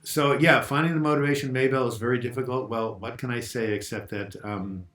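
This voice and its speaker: A man's voice: medium pitch, fairly even intonation, a little fast, a bit bright. Older male host with a cold, casual and chatty, answering viewer questions on a lapel mic at home. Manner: chatty, reads out viewer comments and answers them. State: getting over a cold. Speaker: host of a mental health Q&A. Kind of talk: casual live video chat. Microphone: lavalier mic.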